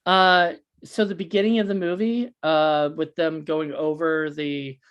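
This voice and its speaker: A man's voice: a little high, steady tone, measured pace, clear, resonant tone, lo-fi sound. A man co-hosting a podcast, chatting casually with a hesitant, filler-heavy delivery and dry jokes. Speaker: podcast co-host. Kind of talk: casual chat.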